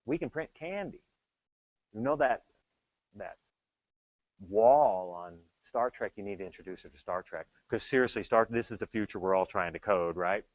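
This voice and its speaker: Animated, joking male tech speaker. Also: on the low side, moderate pace. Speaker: conference speaker, tech evangelist. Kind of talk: humorous keynote talk. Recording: dull dry lo-fi sound.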